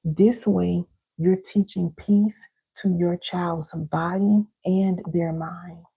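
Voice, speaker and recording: Woman, live teaching, slow, gravelly, repeats key lines, calls listeners y'all. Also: lowish voice, fairly even intonation, dull audio. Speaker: parenting and healing teacher.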